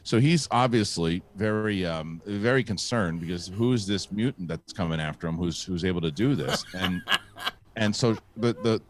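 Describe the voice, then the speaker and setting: A man hosting a casual live-stream chat, animated, swearing freely and restarting his sentences. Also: low voice, normal speed, noisy background. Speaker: host.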